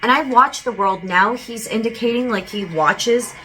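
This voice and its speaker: A woman's voice: fairly high pitch, moderate pace, bright, forceful tone, slight background noise, rough recording. A woman as a psychic medium giving a channeled spirit reading, relaying what she hears in a casual, rambling way with lots of "he goes".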